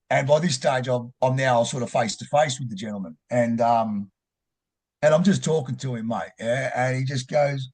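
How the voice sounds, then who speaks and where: A man with an Australian accent telling a personal story in a halting, rambling way, swearing freely. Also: mid-range voice, fairly even intonation, a little mellow. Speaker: podcast guest.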